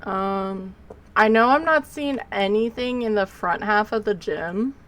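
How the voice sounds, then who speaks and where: A woman's voice: medium pitch, measured pace, fairly bright tone, rough recording. A woman streamer talking casually to her viewers while she plays, rambling and sleepy, yawning between remarks. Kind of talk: casual live gameplay commentary.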